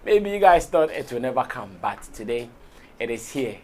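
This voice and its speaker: Hoarse Ghanaian man hosting live. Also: mid-range voice, big pitch swings, moderate pace, a little hiss or hum. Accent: Ghanaian English. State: hoarse, lost his voice. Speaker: show host. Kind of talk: live entertainment talk show.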